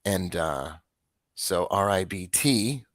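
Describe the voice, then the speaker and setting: A man hosting a casual stock market show, rambling and restarting as he talks through trades, with a dry, flat tone. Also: deep voice, slow pace, no room sound. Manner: rambling, self-interrupting, offhand.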